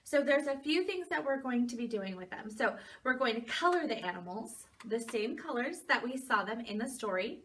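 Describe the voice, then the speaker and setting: A woman preschool teacher speaks to young children with slow, patient pacing. Her voice is bright and a little high, and her pitch swings widely in a lively sing-song. She encourages them along. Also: a little hiss or hum. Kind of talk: children's story reading and lesson.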